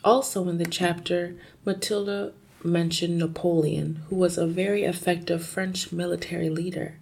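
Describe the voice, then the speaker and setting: Husky gravelly woman reading a kids book slow, lots of ups and downs. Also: lowish voice. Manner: expressive, slow and careful. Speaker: storyteller and reading teacher. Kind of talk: reading a children's novel aloud with study questions.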